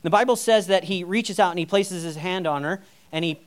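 A man's voice: high-pitched, a little fast, clear, resonant tone. A male pastor preaching a sermon in a conversational way, with wry humorous asides.

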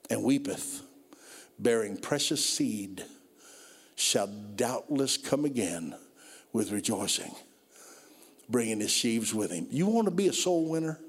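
A man preaching a sermon, telling stories and building from low, quiet passages to loud, drawn-out climaxes. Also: husky. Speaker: pastor. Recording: long reverb of a hall.

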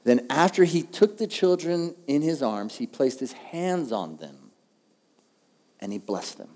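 A male pastor, preaching a sermon in a relaxed, conversational, humorous way. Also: mid-range voice, a little slow. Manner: conversational, humorous, animated storytelling. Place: church auditorium. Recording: long hall reverb.

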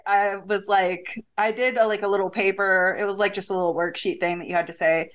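A woman's voice: medium pitch, fairly even intonation, quick pace. Teasing young woman podcast co-host. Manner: dry, teasing. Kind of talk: casual chat.

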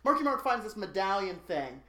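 A podcast co-host in casual chat, recapping a movie plot in a rambling, joking way with lots of fillers and quick asides. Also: mid-range voice, very animated, bright, forceful tone. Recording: roomy echo.

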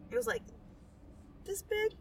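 A woman co-hosting a podcast in casual chat, telling an animated story, swearing freely and acting out the people in it. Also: extremely high pitch, a little slow, far from the mic, a little hiss or hum, poor audio. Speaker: podcast co-host.

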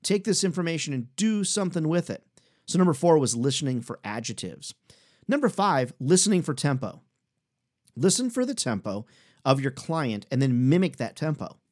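Brief: upbeat man coaching salespeople, fairly high voice, very lively and talkative. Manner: energetic, fast-talking, emphatic. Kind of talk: podcast lesson.

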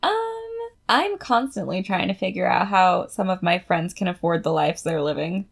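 Lively gravelly young woman co-host. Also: moderate pace. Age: young adult. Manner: animated, swears, high shrieky rants when venting. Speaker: podcast co-host. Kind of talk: casual chat.

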